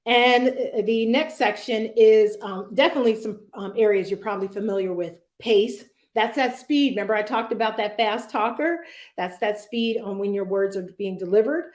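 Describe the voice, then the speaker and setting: A woman's voice: mid-range voice, normal speed, darkish tone, roomy sound. A woman leading a virtual public speaking workshop, talking conversationally with fillers and frequent "right?" check-ins. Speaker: workshop presenter.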